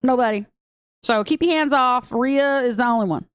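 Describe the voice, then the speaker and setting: A woman with a Texan accent co-hosting a casual podcast chat, excitable and gushing, laughing often. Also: sits high, normal speed, smooth, dry recording, studio quality. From Texas. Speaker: podcast co-host.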